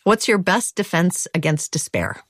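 A woman hosting an interview, asking questions in a gentle, measured way. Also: lowish voice, big pitch swings. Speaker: host.

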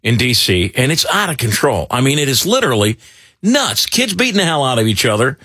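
A middle-aged man hosting talk radio, rambling and animated with lots of fillers. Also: mid-range voice, a little fast, husky, no echo, clean studio sound. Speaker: radio talk show host. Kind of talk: casual talk radio banter.

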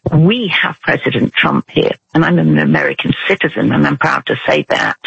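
Husky British woman on a phone line. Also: sits low, fairly bright tone, dry recording. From Britain. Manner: earnest, halting, alarmed. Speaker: caller. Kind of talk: talk radio call-in.

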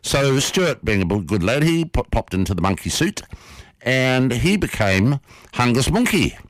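Lively man hosting radio. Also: mid-range voice, dry recording. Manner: lively, playful, quick storytelling. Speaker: radio host. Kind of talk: radio storytelling and interview intro. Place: radio studio. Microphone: studio microphone.

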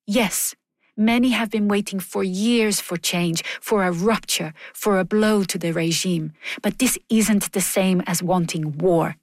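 A woman's voice: medium pitch, a little slow, no room sound, studio quality. A woman reading a first-person voice-over in an earnest, weary, restrained manner.

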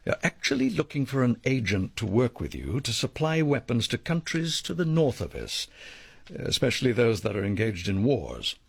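A man's voice: mid-range voice, very animated, moderate pace, gravelly, husky, dry recording, exaggerated voice. An actor playing a commanding male ringleader who lays out a plan in clipped, bossy, formal phrasing. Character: commanding male ringleader planning a sting, dry, precise.

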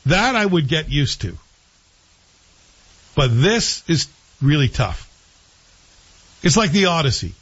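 A man's voice: on the high side, big pitch swings, takes it slowly, long pauses, fairly bright tone, slightly rough, muffled recording. A male host chatting casually and with strong opinions, rambling and correcting himself as he goes. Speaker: show host reviewing TV series. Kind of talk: casual chat.

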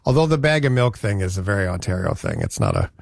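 Lively Canadian radio host, dry studio. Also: male voice, low voice, fast talker, creaky, no echo. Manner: rambling, conversational. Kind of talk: radio show chat.

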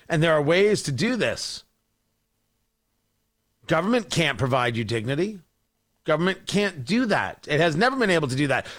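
A man's voice: sits high, fairly bright tone. A man hosting a talk show, delivering an impassioned, sarcastic opinion monologue.

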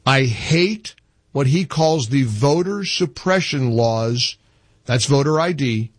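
A man hosting a talk radio show, commenting forcefully and repeating phrases for emphasis. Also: medium pitch, expressive, takes it slowly, breathy edge, dry recording. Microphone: studio microphone.

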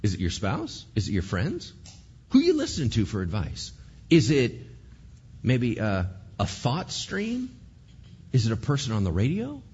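A man preaching a sermon as a pastor, animated and firing rhetorical questions at the congregation. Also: fairly low pitch, normal speed, slightly rough, muffled recording.

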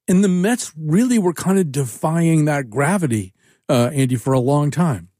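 A man's voice: a little high, lively intonation, moderate pace, dark tone, dry recording, clean studio sound. A man hosting an interview, musing in a reflective way before he asks his guest for his thoughts. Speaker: interviewer host. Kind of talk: conversational interview.

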